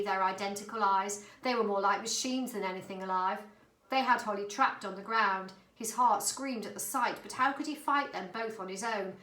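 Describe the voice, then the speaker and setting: Brief: woman storybook narrator, bright and expressive, echoey room. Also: medium pitch. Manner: expressive, dramatic. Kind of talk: storybook reading.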